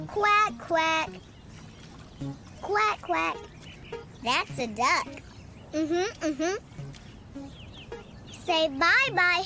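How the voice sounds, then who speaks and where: A performer voicing a playful, cheerful young male bunny for a preschool show, talking slowly in a singsong way, with lots of giggles and hums. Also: very high voice, background noise, full character voice. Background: children's music.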